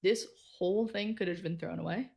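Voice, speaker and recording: A woman co-hosting a book club podcast, chattily retelling a novel's plot and quickly acting out the characters' lines. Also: lowish voice, vocal fry, a little mellow, breathy edge.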